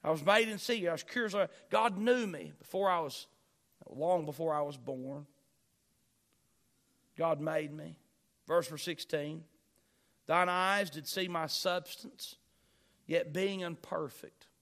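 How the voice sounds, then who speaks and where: A man's voice: fairly high pitch, a little slow, long pauses, a bit bright. Man preaching with rising emphasis. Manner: preaching with rising emphasis, repeating key phrases. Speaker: pastor. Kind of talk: sermon.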